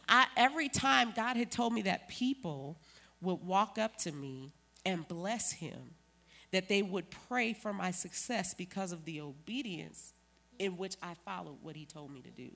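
A woman's voice: fairly low pitch, fairly bright tone. A woman giving an emphatic, preachy church testimony as a guest.

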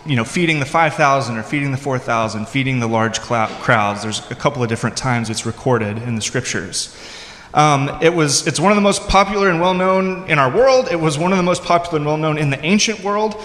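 A man's voice: on the high side, a bit bright. A man preaching a conversational sermon in a church hall, talking casually with frequent fillers and restarts. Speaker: pastor. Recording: echoey hall with long reverb.

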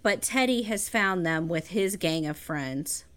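A woman's voice: on the low side, unhurried. A woman in a casual chat about a movie, filling in and correcting plot points. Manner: lively, corrects and fills in plot details.

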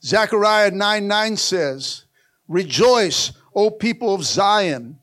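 High-voiced fervent preacher man. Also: lively intonation, takes it slowly, a bit bright. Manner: fervent, urging the congregation with repeated calls. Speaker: pastor. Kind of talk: sermon with call-and-response. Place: church sanctuary.

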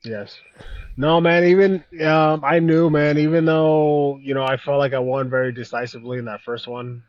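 A man as a podcast guest in casual conversation, halting and reflective, filling pauses with "man" and "you know.". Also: a little high, level tone, highs cut off. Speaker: guest fighter.

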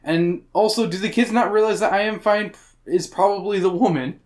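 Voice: medium pitch, fairly even intonation, a little fast, a little mellow. A podcast host reading chapter summaries aloud in a casual book club chat, with crude and irreverent joking.

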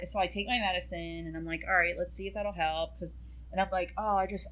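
A woman in casual chat, telling an animated personal story and swearing freely. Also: on the low side, quick pace, poor audio.

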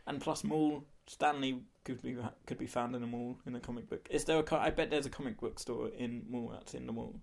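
A man's voice: mid-range voice, fairly even intonation, a little fast, gravelly, hardly any pauses. A man co-hosting a casual film podcast, rambling and hesitant with many fillers and restarts. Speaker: podcast co-host.

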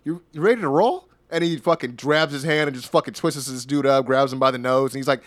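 A man's voice: mid-range voice, level tone, fast, a bit bright, dry recording. A man hosting a podcast, animatedly recapping events in a casual, slangy way and laughing often. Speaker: podcast host. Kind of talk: casual wrestling recap chat.

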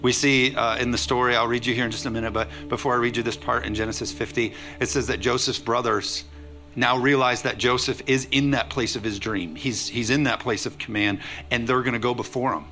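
A man preaches to his congregation in an energetic, conversational way, tossing in playful asides. His voice is bright with a gravelly edge. Faint music sits under the live church recording. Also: mid-range voice, a little fast. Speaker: pastor. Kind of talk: sermon.

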